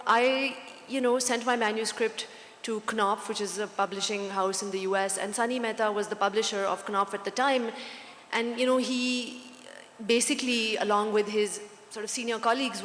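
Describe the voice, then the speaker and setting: A woman on a conference panel, telling lively stories and slipping into Hindi phrases. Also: mid-range voice, normal speed. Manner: animated storytelling, mixing in Hindi. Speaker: panel author. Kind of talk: conversational panel talk. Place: conference hall. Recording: echoey hall with long reverb.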